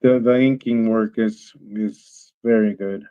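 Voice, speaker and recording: A man co-hosting a casual chat, agreeable and unhurried. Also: on the low side, steady tone, clear, resonant tone, dry recording, narrow, tinny audio.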